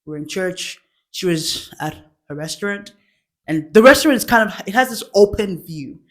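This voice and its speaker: A woman's voice: mid-range voice, lively intonation, normal speed. A young woman hosting a comedy show, telling childhood stories with frequent giggles. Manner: giggles often while telling stories, acts out quotes. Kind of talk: laughing personal storytelling.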